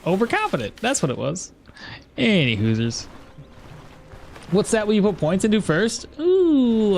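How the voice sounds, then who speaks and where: A man's voice: on the high side, slight background noise. A man giving casual gameplay commentary, thinking aloud as he plays and laughing at chat messages. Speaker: gameplay streamer.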